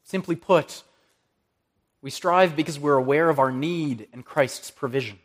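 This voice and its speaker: A man's voice: fairly high pitch, measured pace. A man preaching an earnest sermon from the pulpit, quoting scripture and naming the references.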